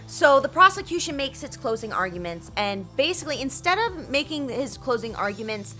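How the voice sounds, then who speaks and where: A woman hosts a casual, chatty history retelling, swearing freely and acting out every character's lines. Her high, bright, forceful voice moves briskly with big pitch swings, over soft background music.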